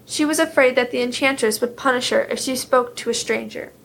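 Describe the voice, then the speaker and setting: A woman telling a fairy tale in a steady, clear storybook manner. Her voice sits somewhat high with a gravelly texture. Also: a little fast, slight background noise. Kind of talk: storybook reading.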